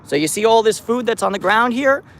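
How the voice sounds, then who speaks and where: Animated man with a gravelly voice. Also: fairly quick. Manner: chatty, greets cats in a high sing-song voice. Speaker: vlogger caring for a street cat colony. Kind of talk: casual vlog talk to camera. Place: outdoors on a city street.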